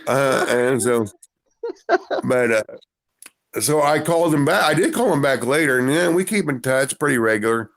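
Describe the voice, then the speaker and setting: Male musician guest, gravelly, rambling anecdotal delivery. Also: medium pitch, lively intonation, moderate pace. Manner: rambling storyteller. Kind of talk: casual interview chat.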